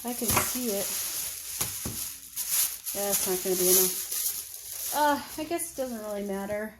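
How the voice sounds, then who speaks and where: A woman's voice: mid-range voice, lively intonation, unhurried, noisy background. A woman vlogging at home, chatting casually and rambling aloud to herself as she goes about her day. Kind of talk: casual chat. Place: at home indoors.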